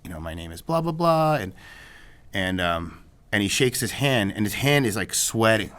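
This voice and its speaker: Male guest, low-pitched, loose and rambling anecdote teller. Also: lively intonation, normal speed, fairly bright tone. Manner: rambling, many restarts and "you know what I mean". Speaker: filmmaker guest. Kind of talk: casual storytelling in an interview.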